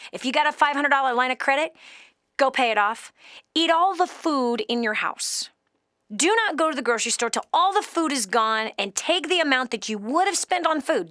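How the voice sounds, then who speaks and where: A high-pitched woman with a bright, forceful edge coaches a caller on air. She lectures in blunt, emphatic tough love, punching some words loudly and dropping to low, quiet urging on others. The sound is dry and close. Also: no echo. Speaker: radio show host and financial coach. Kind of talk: call-in coaching.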